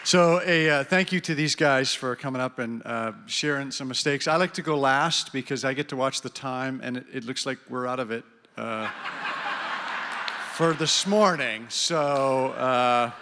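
A male pastor preaching in a brisk, earnest way, hurrying to finish his sermon. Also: medium pitch, pushed and bright, a little hiss or hum. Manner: brisk, earnest, rushing against the clock. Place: church hall. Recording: reverberant church hall.

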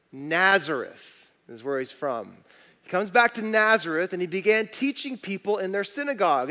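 A man's voice: sits high, bright, forceful tone. A middle-aged male pastor giving a conversational sermon in a church, asking the congregation questions. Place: church auditorium. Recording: long reverb of a large hall.

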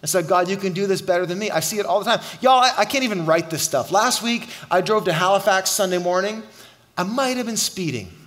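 Middle-aged male pastor, lively storyteller, bright edge, long church reverb. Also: high voice, a little fast. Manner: animated storytelling, shouting at the climax. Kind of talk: sermon. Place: church hall.

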